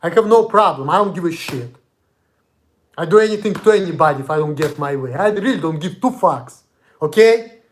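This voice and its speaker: A man's voice: fairly high pitch, expressive, a little fast, slight background noise. A young man from Russia with a Russian accent, ranting angrily and profanely in a confrontational monologue. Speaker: vlogger. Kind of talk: angry monologue.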